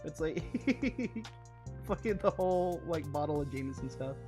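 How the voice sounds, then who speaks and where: A man's voice: fairly high pitch, animated, measured pace, a little mellow, faint music behind. Laughing young man telling stories. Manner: laughing storyteller, lots of swearing and filler. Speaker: streamer. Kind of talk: casual chat on a hobby stream.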